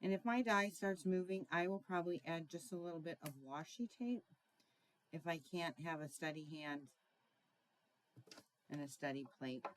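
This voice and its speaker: Middle-aged woman, lowish voice, casual craft tutorial host, chatty with ums. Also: moderate pace, long pauses. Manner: chatty, searching for words, frequent ums and throat clearing. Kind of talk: casual card-making tutorial.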